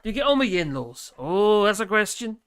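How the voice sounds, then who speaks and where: A man's voice: high-pitched, big pitch swings, brisk, fairly bright tone, clear, resonant tone. A man hosting a live stream, reading news and viewer comments aloud in a wry, chatty way and laughing often. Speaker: livestream host reading news and chat. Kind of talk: casual live-stream chat.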